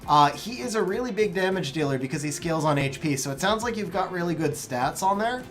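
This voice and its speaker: A man's voice: sits high, lively intonation, a little fast, a bit bright, faint music behind. A young adult man streaming a game live, reading out chat messages in a laid-back way, chuckling often and calling viewers bro.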